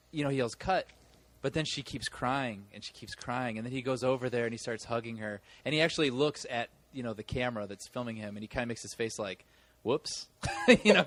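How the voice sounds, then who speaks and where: A man's voice: mid-range voice, fairly bright tone. A man co-hosting a movie podcast, telling a long story in casual chat with many restarts. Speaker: podcast co-host.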